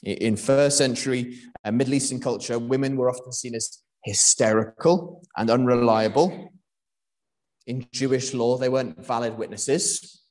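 A man's voice: medium pitch, normal speed, a little mellow. A young man from Wales preaching a sermon in a conversational way, with frequent fillers and restarts.

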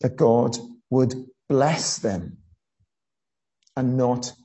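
A preacher giving a sermon, telling a story earnestly with frequent pauses and fillers. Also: mid-range voice, dark tone, slightly rough, low-quality recording.

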